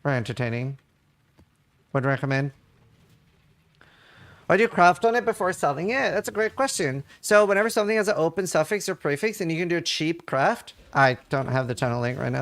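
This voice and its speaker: Male streamer, casual and rambling, talking to chat while playing, voice a bit high. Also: a bit bright, no echo. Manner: rambling, lots of filler "like".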